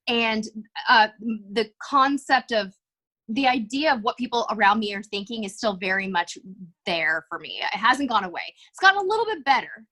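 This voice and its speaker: A woman's voice: a little high, pushed and bright, slightly rough. A middle-aged woman, a cruise vlogger, talking earnestly and reflectively as a guest in a podcast interview. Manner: earnest, reflective, self-aware.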